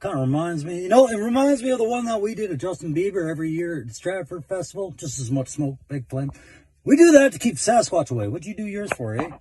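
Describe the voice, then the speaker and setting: A man's voice: high-pitched, sing-song, fast talker, mellow, husky, heavily acted. A man playing a folksy bystander who ends his remarks with a tag question. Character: folksy Canadian man watching a bonfire.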